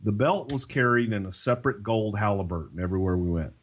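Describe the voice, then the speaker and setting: A man's voice: fairly low pitch, fast talker, highs cut off. A man casually telling a long, profane story, acting out the voices of the people in it. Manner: profane, animated, acts out quoted voices.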